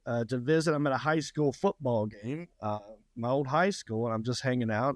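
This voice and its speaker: A man's voice: a little high, dry recording, studio quality. A man with a Southern US accent, a guest comedian telling stories in casual chat, often stumbling and repeating words. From North Carolina.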